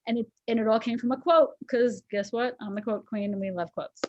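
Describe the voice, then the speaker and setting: A woman's voice: a little high, a little fast, dull audio, a little hiss or hum. A woman in her forties, co-hosting a casual chat and telling a personal story in a candid, emotional way. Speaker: co-host.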